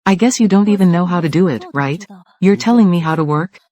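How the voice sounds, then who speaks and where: One dub voice handles several characters, rival businesspeople threatening each other over control of a company in short, confrontational lines. It is mid-range, a little fast and a little mellow, only lightly acted.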